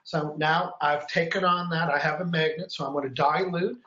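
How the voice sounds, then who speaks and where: A man's voice: a little high, fairly even intonation, moderate pace, sharp tone, roomy sound, highs cut off. A man hosting a live stream, chatty and upbeat, explaining each step and counting aloud as he demonstrates. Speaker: host.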